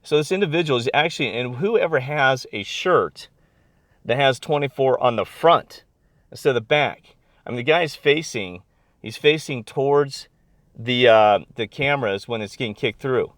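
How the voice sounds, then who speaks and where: A middle-aged man chatting casually to camera, rambling and excitable with lots of fillers and restarts. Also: mid-range voice, moderate pace, dry recording. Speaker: video blogger. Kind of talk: casual chat.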